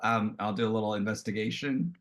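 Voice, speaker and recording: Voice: medium pitch, fairly even intonation, a little fast, lightly acted. A player voicing a timid, odd little creature that stammers and hesitates in a tabletop role-play. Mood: bewildered. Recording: faint music behind.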